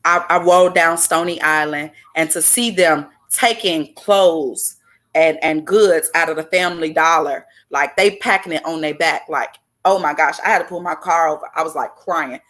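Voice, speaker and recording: Fiery young woman host, low voice. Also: moderate pace, a bit bright. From Chicago. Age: 20s. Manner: emphatic, preachy, addresses listeners directly with repeated "okay?". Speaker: podcast host. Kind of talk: casual spoken monologue.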